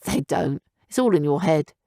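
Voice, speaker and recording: A woman's voice: low voice, expressive, normal speed, vocal fry, mellow, dry recording, clean studio sound. A woman narrator voicing a lazy, teasing young male griffin who talks in a drowsy, offhand way.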